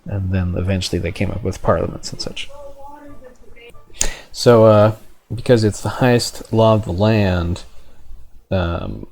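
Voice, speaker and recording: Low, gravelly-voiced man playing a game. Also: a little mellow. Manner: thinks aloud, reads on-screen text. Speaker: gamer. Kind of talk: casual let's-play commentary.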